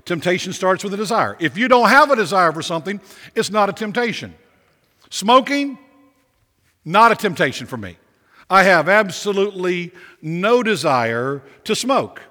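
Bright-voiced male pastor preaching. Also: high voice, big pitch swings, normal speed. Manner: emphatic, repetitive, rhetorical questions. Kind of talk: sermon. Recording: long reverb of a big hall.

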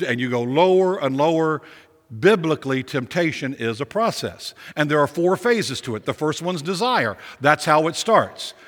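A male pastor preaching a sermon with emphatic repetition and rhetorical questions. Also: on the high side. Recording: long reverb of a big hall.

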